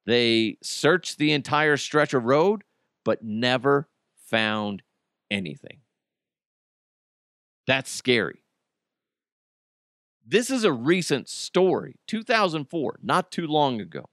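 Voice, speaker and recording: A man's voice: mid-range voice, very animated, slow pace, long pauses, fairly bright tone, no room sound, studio quality. A man hosting a podcast, telling a story in a loose, conversational way with fillers and restarts. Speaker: podcast host. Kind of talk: casual storytelling.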